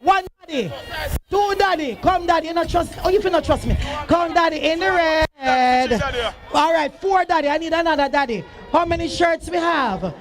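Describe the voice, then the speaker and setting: Brief: Jamaican man emcee, very high voice, loud sing-song hype at an outdoor school sports field, faint music behind. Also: expressive, moderate pace. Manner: shouting, sing-song, teasing the crowd. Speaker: event emcee.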